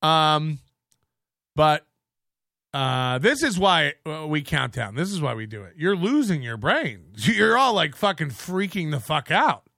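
Excitable male host, mocking and laughing, bright edgy tone. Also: a little high, a little slow, gravelly, no echo, clean studio sound. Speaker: podcast host. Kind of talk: ranting commentary.

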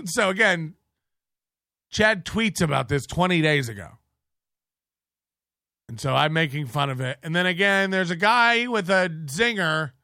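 A man's voice: fairly high pitch, lively intonation, a little slow, pauses often, bright, forceful tone, no echo, clean studio sound. A middle-aged man hosting an online show, ranting in sarcastic, profane commentary and muttering while he scrolls through posts.

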